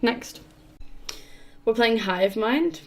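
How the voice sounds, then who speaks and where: A woman's voice: fairly high pitch, expressive, drawn-out words. Casual woman commenting on indie games. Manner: casual, reads game text aloud between remarks. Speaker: let's-play host.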